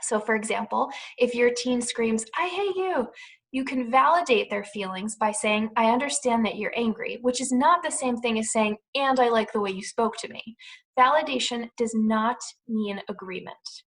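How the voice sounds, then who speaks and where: A young American woman, a clinician, giving a calm, clear, reassuring pre-recorded talk to parents, with softly spoken example phrases. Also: on the high side, normal speed, rough recording. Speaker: clinician presenting a parent webinar.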